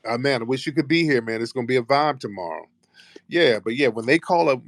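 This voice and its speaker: A man's voice: medium pitch, animated, brisk, dry recording, studio quality. Blunt, combative male radio host. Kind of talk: heated live call-in show.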